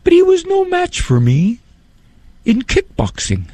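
A man imitating a comedian with a sing-songy, deadpan delivery. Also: very high-pitched, measured pace, dry recording, pitched above the performer's own voice, exaggerated voice.

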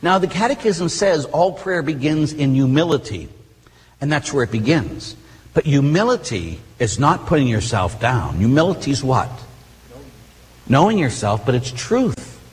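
Middle-aged male priest, husky voice, animated storyteller, long church reverb. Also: mid-range voice, moderate pace. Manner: animated storytelling with conversational asides. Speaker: Catholic priest. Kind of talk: sermon.

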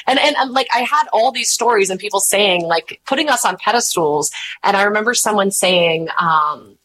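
A chatty woman, talking casually in an interview. Her voice is bright and clear, and she tells animated stories, jumping into quoted voices. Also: medium pitch, moderate pace, poor audio. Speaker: podcast host and guest.

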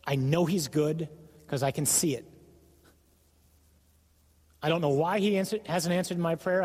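Husky preacher in a reverberant hall. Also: male voice, fairly high pitch, a little mellow. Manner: earnest, emphatic, acts out the devil's voice. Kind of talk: sermon.

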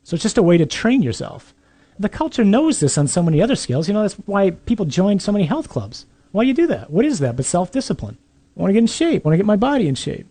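Priest guy preaching, kinda higher voice but mellow, chatty and punchy with dry jokes. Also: very animated, fast, breathy edge. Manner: conversational and emphatic with dry humor. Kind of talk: sermon to young adults.

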